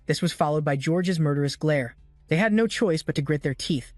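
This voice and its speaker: A man giving brisk scripted recap narration of a fantasy story. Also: fairly high pitch, no room sound. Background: faint background music.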